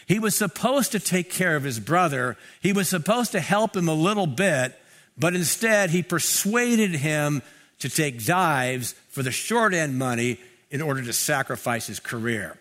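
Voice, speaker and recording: A man's voice: a little high, lively intonation, a little slow, fairly bright tone. A male pastor preaching a sermon in a conversational, reflective way, repeating phrases for emphasis.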